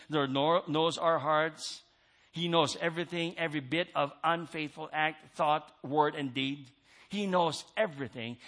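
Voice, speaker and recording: A man's voice: fairly high pitch, fairly bright tone. A man preaching a sermon in an earnest way, repeating key phrases for emphasis.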